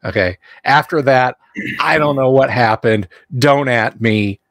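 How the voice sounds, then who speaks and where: A man's voice: medium pitch, a little slow, fairly bright tone, no room sound, studio quality. A man hosting a casual chat show, jokey, laughing often and slipping into mock voices. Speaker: podcast host.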